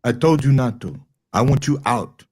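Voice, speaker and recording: A man's voice: medium pitch, animated, moderate pace, a little mellow, husky. A man voicing a blustering foreign strongman in a mock Russian accent, making comic threats in broken English during an impression skit. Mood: menacing.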